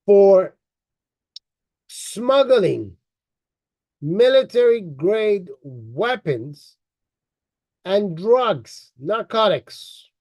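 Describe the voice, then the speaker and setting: A man's voice: high-pitched, sing-song, very slow, long pauses, darkish tone, no echo. A man hosting a news commentary, emphatic and mocking as he repeats a clip back. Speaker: host.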